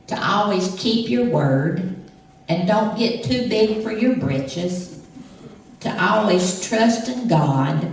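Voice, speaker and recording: A woman's voice: medium pitch, slight background noise. A middle-aged woman with an East Tennessee country accent, telling folksy comic stories to a live crowd and laughing at her own jokes. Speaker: comic impersonator. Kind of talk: live stand-up storytelling to a crowd. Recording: echoey room recording from far off.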